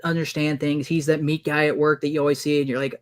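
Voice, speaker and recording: A man in a heated online debate, talking fast over the other man with exasperated outbursts and insults. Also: fairly high pitch, flat delivery. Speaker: debater defending the trailer.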